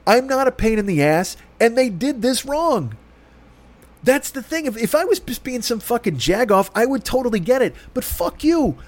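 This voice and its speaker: A man's voice: very high-pitched, big pitch swings, moderate pace, a little mellow. Exasperated man ranting. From Chicago. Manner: profane, exasperated, acts out both sides of the argument. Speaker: podcast host. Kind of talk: ranting storytelling.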